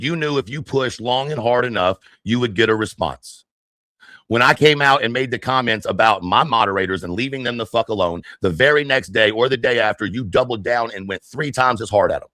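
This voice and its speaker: A furious man rants into a close, dry microphone, hurling insults and challenges. His voice sits at an ordinary middle pitch. The delivery is confrontational and profane throughout. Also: fairly quick, sharp tone, no room sound. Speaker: livestreamer. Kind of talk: angry livestream rant.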